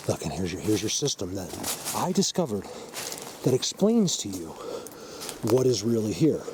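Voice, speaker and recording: Filming himself on a woodland walk, a vlogger and Bigfoot field researcher with average pitch insists emphatically to his viewers. His camera mic picks up clear, noisy outdoor sound and an occasional vehicle.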